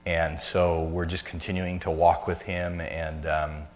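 A man's voice: deep voice, flat delivery, measured pace. A man in his fifties, a church speaker giving a conversational sermon full of self-deprecating family anecdotes.

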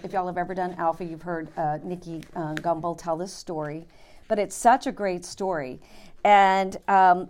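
A middle-aged woman leading prayer and teaching a women's Bible study, a chatty storyteller who keeps checking in with her listeners. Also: medium pitch.

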